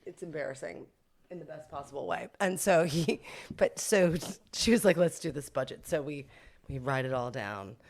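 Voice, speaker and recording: A middle-aged woman with a low voice tells stories in a casual interview. She is a boutique owner and podcast guest. She talks in a chatty, self-mocking way, with frequent laughter. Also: animated, normal speed, vocal fry, a little mellow.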